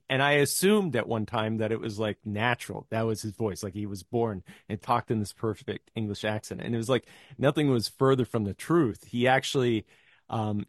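A man's voice: mid-range voice, dry recording, studio quality. Chatty man telling a story. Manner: storytelling, acts out quoted voices. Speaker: podcast guest. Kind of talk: casual podcast chat.

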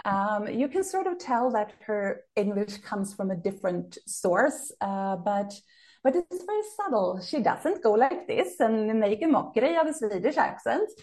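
A woman's voice: medium pitch, big pitch swings, unhurried, darkish tone. A woman co-hosting a podcast, talking about a TV show in a friendly, giggly and thoughtful way. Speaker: podcast co-host. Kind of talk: casual chat about a TV show.

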